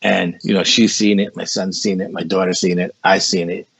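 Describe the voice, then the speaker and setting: A man's voice: low-pitched, flat delivery, moderate pace, vocal fry, fairly bright tone, slightly rough, no room sound. A man, a guest on a podcast, telling a story in a casual, rambling way and saying 'you know' often. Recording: dull lo-fi sound.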